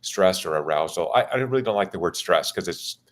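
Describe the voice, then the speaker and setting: Explaining man with a lowish voice. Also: brisk. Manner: explanatory, energetic in bursts. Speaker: keynote speaker and guest. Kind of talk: casual panel discussion.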